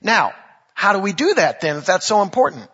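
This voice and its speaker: A man's voice: high voice, sing-song, a little fast, a bit bright, slightly rough. A man preaching a sermon as a pastor, in a conversational way with jokes and asides, recorded in an echoey church on a dull lo-fi recording. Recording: echoey hall, dull lo-fi sound.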